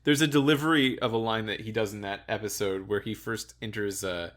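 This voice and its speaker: A man co-hosting a podcast in casual chat, relaxed and amused, chuckling often and restarting his sentences. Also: on the low side, a little fast. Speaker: podcast co-host.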